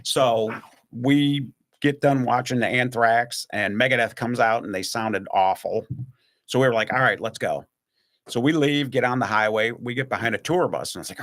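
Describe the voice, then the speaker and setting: A man in a relaxed podcast conversation, spinning one anecdote after another. His voice sits at an ordinary middle pitch. He keeps slipping into quick impressions of the people in his stories. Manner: animated storyteller who acts out other people's voices. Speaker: podcast guest or host recalling stories. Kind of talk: casual podcast chat, storytelling.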